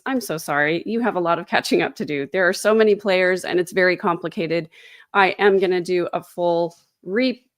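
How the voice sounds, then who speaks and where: Woman livestream host, chatty, sarcastic, lowish voice, dry close sound. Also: dry recording. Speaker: true crime livestream host. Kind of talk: casual livestream update. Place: home, indoors. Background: dogs.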